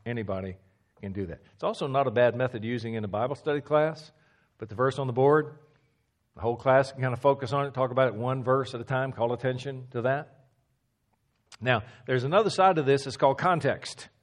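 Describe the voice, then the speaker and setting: A man preaching a teaching sermon in a mid-pitched voice. He leans hard on repeated phrases and falls to a quiet hush to drive points home. Now and then he stammers or restarts a word. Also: a little fast. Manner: emphatic, repeats key phrases, drops to a low hush for stress.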